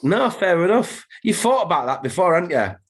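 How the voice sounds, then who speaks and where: Bloke hosting a podcast, jokey, slightly high voice, lots of uhs. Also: male voice, very animated, normal speed, slightly rough. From Lancashire, England. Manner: chatty, jokey, many fillers and restarts. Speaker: podcast host. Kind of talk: casual chat.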